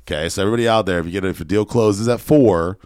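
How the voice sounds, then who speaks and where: Fast-talking low-voiced man telling a story. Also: clear, resonant tone, no echo, clean studio sound. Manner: fast, profane, animated storyteller. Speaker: podcast guest, real estate investor. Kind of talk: casual storytelling chat.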